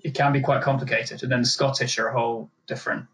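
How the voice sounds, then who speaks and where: A man's voice: mid-range voice, level tone, quick pace, gravelly, a bit bright. A man from the UK hosting a casual chat in an easygoing, friendly way.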